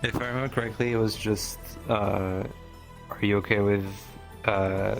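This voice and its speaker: A man's voice: lowish voice, steady tone, moderate pace, creaky, faint music behind. A man chatting casually as a fellow role-play player, hesitant and laughing as he recalls funny moments. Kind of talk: casual chat.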